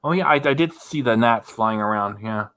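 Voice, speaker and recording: A man's voice: mid-range voice, moderate pace, fairly bright tone, clean tone. Reaction-channel host, male, loose and talkative, frequent chuckles, ordinary mid voice. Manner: chatty, rambling, laughs often. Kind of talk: casual commentary while reacting.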